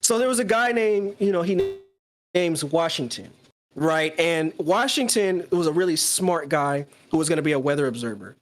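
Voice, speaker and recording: A podcast co-host talking casually, excitedly retelling a story and acting out the quoted lines. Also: male voice, fairly high pitch, normal speed. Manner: excited, acts out quoted dialogue.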